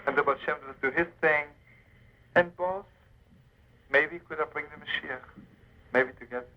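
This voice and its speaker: Speaking at normal speed in a fairly high voice, a man tells a Hasidic story over the radio. He treats his listeners as friends, chuckling and stressing words. The recording sounds muffled.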